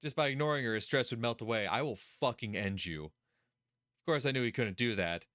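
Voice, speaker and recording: A man's voice: mid-range voice, normal speed, fairly bright tone, no room sound, studio quality. A young man doing a let's play of a visual novel, reading the story text aloud and breaking off into heated, profane rants at the characters. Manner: profane, heated ranting, mocking whiny put-on voices.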